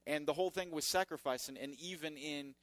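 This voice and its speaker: Animated male preacher, dry sound. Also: a little high, brisk, no echo. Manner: animated preaching, swings from loud emphasis to quiet asides. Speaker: pastor. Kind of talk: sermon.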